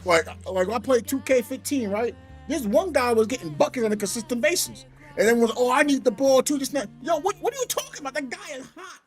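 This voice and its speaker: A man streaming from home, telling a gaming story in an animated, exasperated way. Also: very high voice, fast, soft background music. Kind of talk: casual livestream rant.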